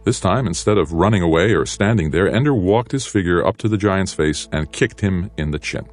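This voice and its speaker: A man narrating an audiobook in a measured, steady storytelling manner. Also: low-pitched, soft background music.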